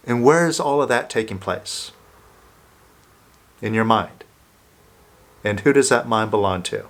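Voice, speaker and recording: A man calmly guiding the listener through a self-help exercise, speaking step by step as a coach. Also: mid-range voice. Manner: slow, calm, coaching listener through steps.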